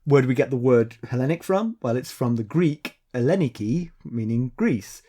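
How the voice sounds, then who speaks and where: Animated man telling word stories. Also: mid-range voice, moderate pace. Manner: animated storyteller, playful and professorial. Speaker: podcast co-host. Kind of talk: casual podcast chat and chapter summary.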